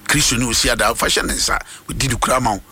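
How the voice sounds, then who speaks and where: A man's voice: mid-range voice, steady tone, rapid-fire, pushed and bright, breathy edge. A man with a Ghanaian accent hosting a radio morning prayer segment, speaking with a fervent, preacher-like delivery and switching between Twi and English. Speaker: radio host.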